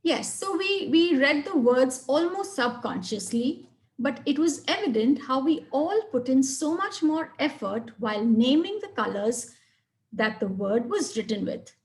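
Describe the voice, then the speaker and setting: A woman presenting a webinar on reading fluency, explaining in a clear, measured way and stressing words in her example sentences. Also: high-pitched, lively intonation, darkish tone. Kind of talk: webinar lecture.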